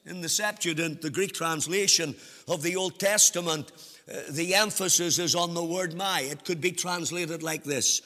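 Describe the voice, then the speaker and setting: Man preaching a sermon, slow and emphatic, sing-songy, big echoey church hall sound. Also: high-pitched, pushed and bright. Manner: measured, emphatic preaching with sing-song rises and drawn-out phrases.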